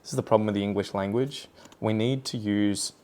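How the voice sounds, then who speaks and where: A man's voice: lowish voice, fairly even intonation, fairly quick, darkish tone. A man with an Australian accent who hosts a plant channel, chatting casually and rambling off on tangents while he pots up plants.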